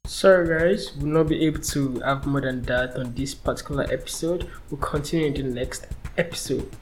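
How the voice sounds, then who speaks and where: A man wraps up a podcast episode, thanking the audience and urging them to share. Soft music plays behind him. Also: mid-range voice, normal speed. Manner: friendly, thanks listeners. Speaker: podcast host. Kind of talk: show sign-off.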